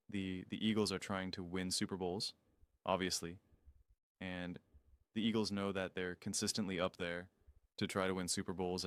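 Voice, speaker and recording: A man's voice: low voice, a bit bright, smooth, dry recording. A man giving an opinionated sports talk rant, incredulous and sarcastic, with emphatic repetition. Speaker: sports commentator.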